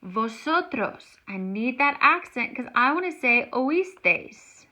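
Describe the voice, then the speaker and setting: A woman's voice: fairly high pitch, expressive, measured pace, pushed and bright, low-quality recording. A woman teaching a grammar lesson, explaining each step patiently. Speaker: Spanish teacher.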